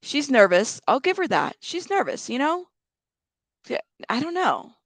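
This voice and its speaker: A woman commenting on a live stream in a loose, chatty way, stopping to answer her viewers' comments. Her voice sits a little high and sounds close and dry, with no room around it. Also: sing-song, a little slow, no echo. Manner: chatty, reacts to chat comments, thinks aloud.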